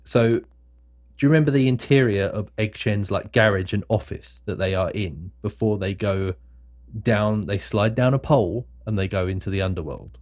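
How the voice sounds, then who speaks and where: A man's voice: lowish voice, moderate pace, darkish tone, no echo, studio quality. A man co-hosting a film podcast, eagerly sharing nerdy film trivia in casual chat. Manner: enthusiastic, nerdy trivia telling. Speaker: podcast co-host.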